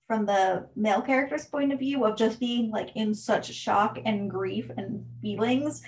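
A woman's voice: a little high, a little slow, darkish tone. Agreeable woman in casual chat.

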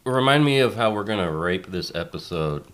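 A man's voice: on the low side, expressive, normal speed, fairly bright tone. A young man co-hosting a podcast in casual chat, wry and blunt, often asking questions. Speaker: podcast co-host.

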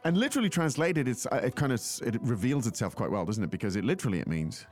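A man's voice: mid-range voice, sing-song, quick pace, a little mellow. A man co-hosting a language-learning podcast, explaining phrases in a playful, joking way. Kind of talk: casual teaching chat.

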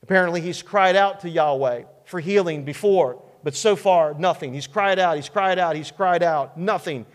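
Earnest high-voiced male pastor preaching. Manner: earnest, emphatic preaching with dramatic pauses. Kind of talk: sermon. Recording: long hall reverb.

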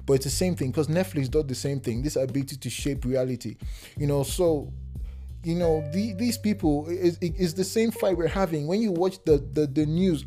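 A man hosting a solo podcast, ranting in casual slang, flaring heated and then dropping into calm, low murmurs. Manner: casual slang-heavy talk with filler restarts. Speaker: podcast host.

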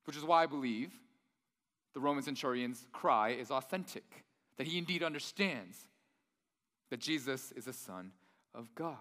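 Guy preaching, kinda nerdy and excited, bright tone, hall echo. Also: mid-range voice, normal speed, pauses often. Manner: enthusiastic, nerdy, conversational. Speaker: pastor. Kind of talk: sermon.

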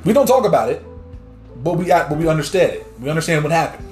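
A man's voice: a little high, lively intonation, fast, a little mellow. A man hosting a podcast, ranting heatedly about the news in blunt, short, swearing sentences. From New Jersey. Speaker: podcast host. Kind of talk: casual news commentary. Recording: echoey room with faint music.

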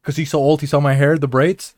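A man's voice: fairly high pitch, flat delivery, fast talker, a little mellow, dry recording, studio quality. A young man co-hosting a podcast, telling rambling, profane stories in casual chat and often laughing at them. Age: young adult. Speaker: podcast co-host.

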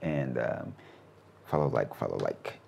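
Man, 30s, interview guest: very low gravelly voice, loose and rambling, lots of "um" and "you know". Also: measured pace. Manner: relaxed, rambling, many fillers and restarts. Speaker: animation studio CEO, interview guest. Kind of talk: casual interview answers.

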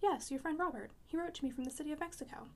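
A sharp-tongued elderly French woman who plays the piano, read aloud by a woman. Her voice sits high and the lines come quickly, brusque and teasing, with French words slipped in. She speaks as the storybook's odd, blunt old artist. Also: creaky.

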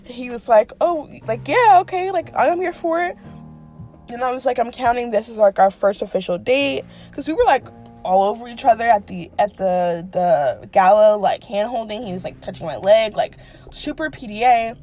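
A woman's voice: on the high side, normal speed, faint music behind. A young woman hosting a podcast, telling a dating story in a casual, profane, dramatic way. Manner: animated, profane, dramatic with quoted asides. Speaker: podcast host.

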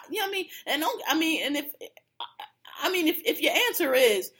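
A woman's voice: sits high, very animated, brisk, fairly bright tone. A woman co-hosting a casual podcast, gossiping bluntly about reality TV with lots of slang and laughter. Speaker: podcast co-host.

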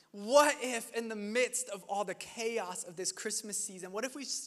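High bright-voiced preacher in a reverberant hall. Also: male voice, moderate pace, hardly any pauses. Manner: earnest and conversational, laughs at his own stories. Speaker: pastor. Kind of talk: sermon. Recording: long reverb of a large hall.

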